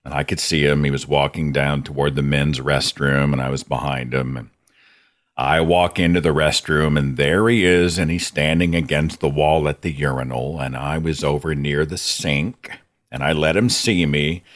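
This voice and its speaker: A man's voice: very deep voice, steady tone, normal speed. A man hosting a podcast, telling a personal story in a candid, self-critical, conversational way. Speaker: podcast host. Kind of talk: reflective personal storytelling monologue.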